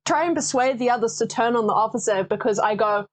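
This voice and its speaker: A woman's voice: on the high side, quick pace. A woman playing in a tabletop game, laying out her character's actions step by step. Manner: explains game moves step by step. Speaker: player. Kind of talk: casual play at a tabletop game.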